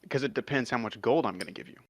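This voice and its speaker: A man's voice: medium pitch, very fast. A man playing a tabletop game who speaks casually and a bit hesitantly, often swearing. The sound is dry and close, with no room echo. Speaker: player. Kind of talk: in-character tabletop play.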